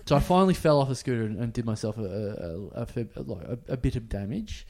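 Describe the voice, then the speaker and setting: A man's voice: mid-range voice, lively intonation, fast, vocal fry, warm tone. A man, co-hosting a podcast and telling a rambling anecdote in casual chat, acting out bits of dialogue. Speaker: podcast co-host.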